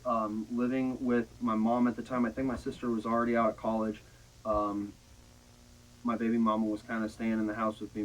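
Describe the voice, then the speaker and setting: Young guy, lowish voice, rambling swear-heavy storyteller, faint noise behind. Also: poor audio. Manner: rambling, profane, animated retelling. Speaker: storyteller guest. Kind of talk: casual storytelling chat.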